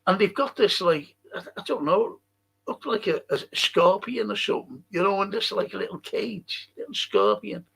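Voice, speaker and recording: A man's voice: sits high, very animated, moderate pace, creaky, fairly bright tone, breathy edge. An older man hosting a livestream, rambling casually, swearing and chuckling as he reads out viewer comments. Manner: rambling and profane, chuckling often. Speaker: livestream host.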